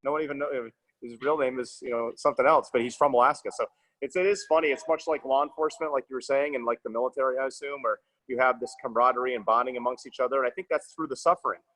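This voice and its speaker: A man's voice: medium pitch, steady tone, fast, a bit bright, low-quality recording. A man hosting a podcast interview, chatting casually and rambling with frequent restarts. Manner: rambling, restarts phrases, many fillers. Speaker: podcast host.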